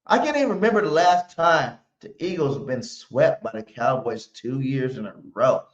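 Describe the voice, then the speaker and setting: Brash trash-talking sports fan host. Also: male voice, mid-range voice, expressive, moderate pace. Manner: brash trash talk, slangy and emphatic. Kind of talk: live pregame fan stream. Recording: roomy, muffled home stream audio.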